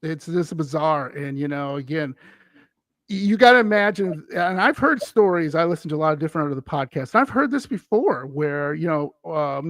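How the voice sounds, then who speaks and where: A man's voice: a little high, no echo. A man from Wisconsin, a podcast guest, telling a story in a casual chat and acting out the voices of the people he quotes. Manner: animated, acts out quoted voices while retelling a story.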